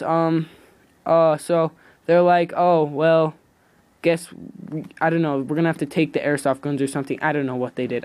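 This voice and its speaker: A man's voice: a little high, darkish tone. A teenage boy casually telling a story on his vlog, rambling, stopping and correcting himself as he goes. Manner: rambling, halting, self-correcting. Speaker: YouTube vlogger.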